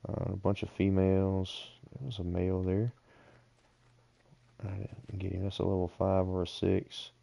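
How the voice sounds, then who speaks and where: A man's voice: low voice, level tone, creaky, warm tone, no room sound. A man streaming a hunting game, casually chatting and walking other players through where to go. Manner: unhurried, explains directions to other players. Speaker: gaming streamer. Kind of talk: casual gameplay chat.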